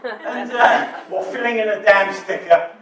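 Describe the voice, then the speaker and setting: In an echoey hall, a man who works as a midwife shares a frank, humorous story with a live audience, heard through a distant mic over crowd noise and laughter. His voice is high and his delivery a little slow.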